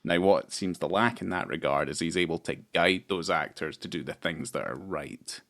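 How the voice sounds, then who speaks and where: A man's voice: deep voice, normal speed, vocal fry, fairly bright tone. A man co-hosting a film podcast in casual chat, rambling with lots of fillers and swearing. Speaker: podcast co-host.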